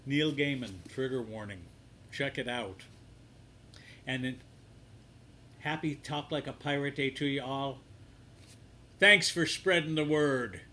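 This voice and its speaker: A man reads a story aloud in a measured, hushed storyteller's manner, his voice bright and forceful in tone. He speaks at an ordinary middle pitch. A faint hiss sits under the recording. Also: poor audio. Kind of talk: storybook reading.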